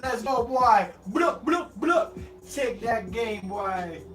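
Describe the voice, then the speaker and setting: A man putting on a boastful Jamaican trash-talker's voice, shouting drawn-out taunts that end in "boy". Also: very high-pitched, animated, far from the mic, pitched above the performer's own voice, full character voice. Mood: gloating, taunting. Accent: put-on Jamaican. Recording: roomy, off-mic, loud game music.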